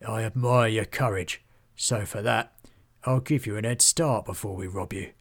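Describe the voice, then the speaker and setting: A man voicing a gruff, bullying male sergeant of bailiffs in a storybook reading, mocking and bossy. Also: fairly low pitch, normal speed.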